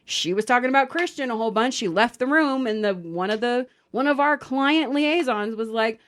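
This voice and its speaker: Animated, swearing woman podcast host. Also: a little high, moderate pace, hardly any pauses. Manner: animated, profane storytelling. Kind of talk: casual chat.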